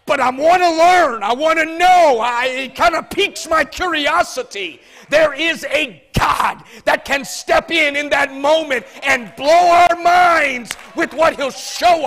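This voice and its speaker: A man preaching a sermon, swinging from loud shouts to soft asides. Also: very high voice.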